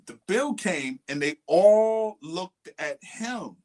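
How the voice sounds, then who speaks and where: A man's voice: high-pitched, lively intonation, takes it slowly, darkish tone. A man co-hosting a podcast, casually and animatedly retelling a friend's dating story with quoted lines. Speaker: podcast co-host.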